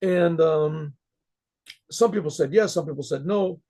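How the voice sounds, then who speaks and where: A rabbi telling a story in a rambling, animated way, full of restarts, over a computer mic on a video call. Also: male voice, fairly high pitch, unhurried. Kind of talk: storytelling talk.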